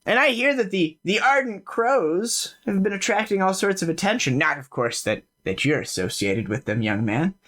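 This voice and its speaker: A woman's voice: medium pitch, animated, moderate pace, hardly any pauses, fairly bright tone, voice pushed up. A man voicing a sweet, generous old woman in a tabletop game who drops sly hints while sounding kindly.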